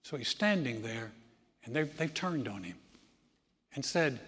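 A man preaching a sermon as pastor, telling stories and swinging between loud emphasis and hushed, low lines. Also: lively intonation, a little slow, breathy edge, big-room sound.

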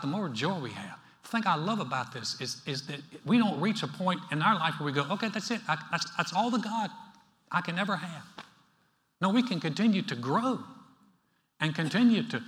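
A male pastor preaching a sermon in a church, talking in a conversational, animated way with playful asides. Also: on the high side. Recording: reverberant hall.

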